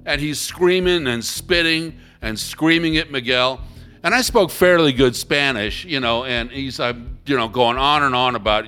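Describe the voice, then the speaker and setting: A man telling his own story in a blunt, animated, casual way, swearing freely. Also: medium pitch, normal speed, smooth, soft background music. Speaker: interviewee.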